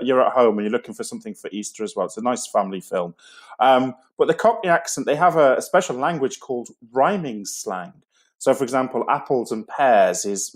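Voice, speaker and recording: A man giving an online school assembly talk, chatty and rambling with frequent fillers and restarts. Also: mid-range voice.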